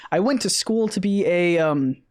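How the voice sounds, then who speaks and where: A man's voice: high voice, expressive, moderate pace, darkish tone. A man hosting a casual live stream, talking in a rambling way with many restarts, his voice a little worn. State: losing his voice. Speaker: host.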